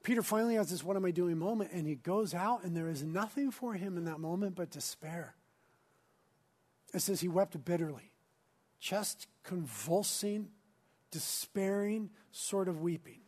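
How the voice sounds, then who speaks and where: A man preaching a sermon as pastor, earnest, moving between urgent emphasis and hushed near-whispers. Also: high voice, moderate pace.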